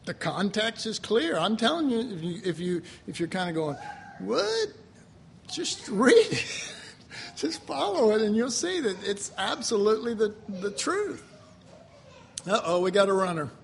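Animated high-voiced male preacher. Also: moderate pace, gravelly, slight background noise. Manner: animated, laughing, bursts into loud shouts. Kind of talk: sermon.

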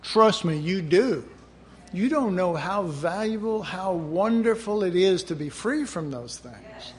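A man's voice: high voice, expressive, a little slow. A middle-aged man preaching a sermon in a conversational way, often acting out the voices he quotes.

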